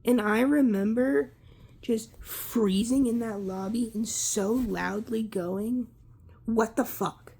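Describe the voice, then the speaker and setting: A young woman candidly recounting a personal story in a halting, casual way, swearing freely. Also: a little high, dark tone, slightly rough. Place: Lancaster area.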